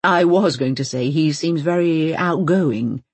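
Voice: medium pitch, a little slow, breathy edge, dry recording. An audiobook narrator voicing an awkward, reserved father who chooses his words carefully. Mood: hesitant. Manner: hesitant, careful phrasing. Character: awkward, mild-mannered father, anxious and reserved. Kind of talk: audiobook character voice.

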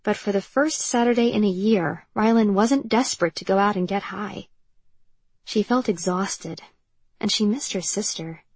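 A woman narrating an audiobook novel in an even, measured storytelling manner. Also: mid-range voice, husky, dry recording. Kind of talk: scripted narration.

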